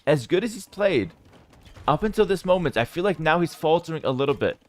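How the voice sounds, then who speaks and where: A man streaming live esports commentary, talking straight to his chat, firing off quick play-by-play and breaking into excited outbursts. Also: fairly high pitch. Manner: chats to viewers as "guys". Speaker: streamer casting a game.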